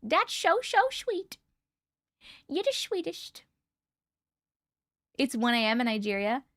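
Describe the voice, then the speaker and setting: A woman with a naturally high voice hosts a casual live chat, bubbly and quick to laugh. Her pitch leaps up and down with lively swings. The sound is close and dry, with no room echo. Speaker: livestream host.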